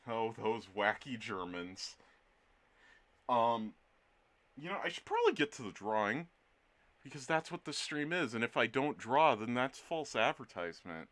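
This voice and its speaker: A man streams his art while chatting playfully with viewers, his medium-pitched, slightly bright voice animated but unhurried, with long pauses. It's casual live-stream talk that rambles, and he jokes with chat.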